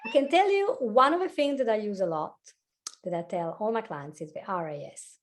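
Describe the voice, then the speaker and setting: Italian lady coach chatting quick, voice bouncing all over, laughs a lot. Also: medium pitch, noisy background. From Italy. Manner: fast, animated, laughs often. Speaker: guest, hypnotherapist and life coach. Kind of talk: casual chat.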